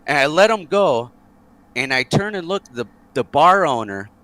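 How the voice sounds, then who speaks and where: A man's voice: on the high side, animated, normal speed, pushed and bright, dry recording. A man, a former soldier, tells a rambling war story in a casual interview over a voice call, with many fillers and chuckles.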